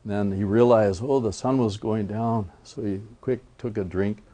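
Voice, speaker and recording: A man telling a traditional story as a teaching, in an unhurried, reflective way with many asides. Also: fairly low pitch, steady tone, mellow. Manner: unhurried, reflective, frequent "you know".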